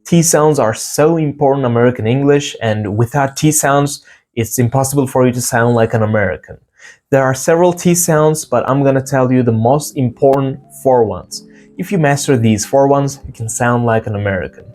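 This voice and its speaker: A man giving a casual pronunciation lesson, explaining sounds and slowly repeating example words to demonstrate them. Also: mid-range voice, a little mellow, faint music behind. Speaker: English pronunciation teacher.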